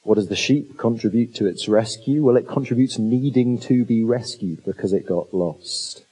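A man preaches an expository sermon in a conversational way, posing rhetorical questions to his listeners and dropping in humorous asides. His voice is medium-pitched, warm and husky, delivered at a moderate pace on a rough recording.

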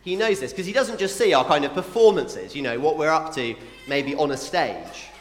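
A man giving a family Christmas sermon, animated and playful, talking to children with quick asides. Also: fairly high pitch, soft background music. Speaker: preacher. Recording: echoey hall with long reverb.

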